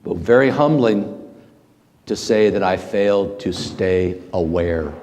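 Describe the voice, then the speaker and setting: A middle-aged man giving a slow, halting, earnest personal testimony to a men's group. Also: deep voice, expressive, darkish tone. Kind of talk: reflective personal testimony talk. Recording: long hall reverb.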